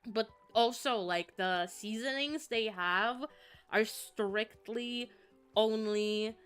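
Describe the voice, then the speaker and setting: A woman's voice: a little high, slow pace, fairly bright tone, clean tone, soft background music. Sniffly young woman streamer, chatty. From Finland. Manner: rambling, chatty, with frequent fillers and sudden swearing. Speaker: vtuber streamer. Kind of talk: casual gaming stream chat.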